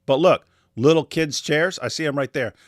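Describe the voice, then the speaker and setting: A male host talking through a reaction video, rambling and joking with a sarcastic edge. His voice sits slightly high, and the sound is dry and close. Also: moderate pace, no room sound. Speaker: commentary host. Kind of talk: casual reaction commentary.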